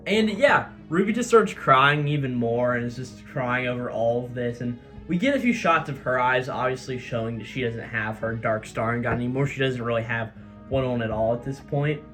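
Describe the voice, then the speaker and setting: A man's voice: medium pitch, animated, moderate pace, a bit bright, soft background music. Chatty male manga recap host. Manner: chatty, filler-heavy storytelling. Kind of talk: casual chapter recap.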